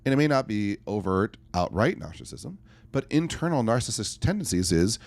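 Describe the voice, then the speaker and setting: A man with a lowish voice talks about life and coaching in a podcast interview. His pitch rises and falls a great deal as he makes his points with emphasis. He tells stories in an animated, conversational way. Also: fairly quick, no echo.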